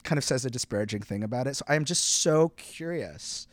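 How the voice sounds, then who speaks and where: A man from Canada, speaking at a mid-range pitch, tells stories with lively animation, says "like" constantly and often laughs mid-sentence. He sounds like a theatremaker chatting as a podcast guest. The recording is close and dry, with no room sound. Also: fast talker, dry recording. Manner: animated storyteller, heavy use of "like", laughs often. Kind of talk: casual conversational interview.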